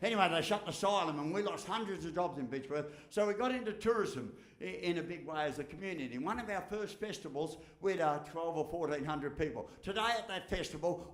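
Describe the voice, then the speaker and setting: A man's voice: high-pitched, a little fast, few pauses, fairly bright tone. A man with an Australian accent giving a humorous motivational speech, blunt and jokey with mild swearing. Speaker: motivational speaker. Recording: echoey hall.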